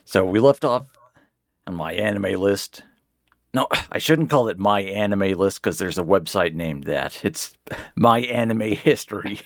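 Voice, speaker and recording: Deep-voiced laid-back podcast host. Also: male voice, animated, measured pace, gravelly, no echo, clean studio sound. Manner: laid-back, many filler ums and uhs. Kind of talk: casual podcast chat.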